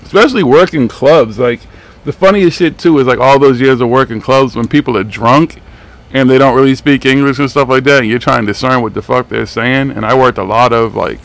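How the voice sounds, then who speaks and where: Man, radio host, gravelly voice, mid-pitched, rambling, swears casually. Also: fairly quick. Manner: rambling, profane, laid-back. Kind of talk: casual live radio chat.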